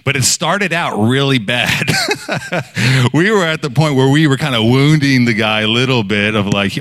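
A man preaching informally, telling a personal story in a casual, rambling way with many fillers, his voice jumping up when he quotes others. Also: unhurried. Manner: animated when quoting others, voice jumping high.

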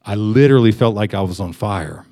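A man's voice: fairly low pitch, animated, a little fast, warm tone. A young adult man giving a sermon in a loose, conversational way, full of fillers and restarts. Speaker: pastor.

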